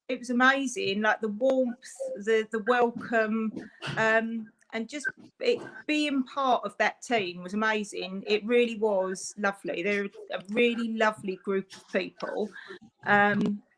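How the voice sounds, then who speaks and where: A rather high-voiced woman, chatting over a video call. She rambles warmly through her story with plenty of ums and so-yeahs, and a faint hiss sits under her voice. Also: measured pace, low-quality recording. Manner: chatty, rambling, many fillers. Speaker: parent of a fundraiser. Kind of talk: casual chat on a video call.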